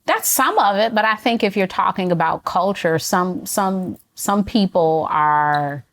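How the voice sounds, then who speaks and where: A woman guest in an interview, explaining ideas in a measured, clear, teacherly way. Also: mid-range voice, lively intonation. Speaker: guest expert on relationships. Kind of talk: calm explanatory interview talk.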